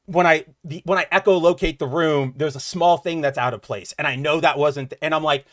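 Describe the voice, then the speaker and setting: A man's voice: fairly high pitch, fairly quick, a bit bright, no echo, clean studio sound. A man co-hosting a podcast in casual chat. He rambles, loses his train of thought and acts out quotes. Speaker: podcast co-host.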